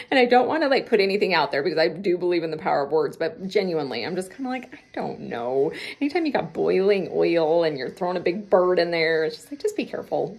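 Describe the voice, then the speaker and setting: Middle-aged woman, gravelly husky voice, low-pitched, chatty vlog storytelling, laughs a lot. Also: darkish tone. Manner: chatty, laughing often, acting out quotes. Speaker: vlogger. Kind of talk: casual storytelling to camera.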